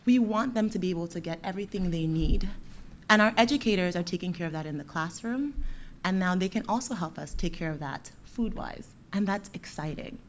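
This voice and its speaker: A woman's voice: on the low side, fairly quick. Young woman from Dominica, ceremony speaker, playful and encouraging with kids, faint noise behind. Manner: lively, playful with the children, warm encouraging. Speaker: guest speaker from a bank. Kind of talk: ceremony speech to schoolchildren.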